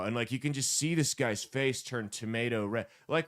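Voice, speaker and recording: A man's voice: medium pitch, expressive, brisk, few pauses, a bit bright. A man hosting a podcast, ranting bluntly and mockingly in casual commentary with plenty of swearing. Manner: blunt, profane, mocking rants. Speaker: podcast host.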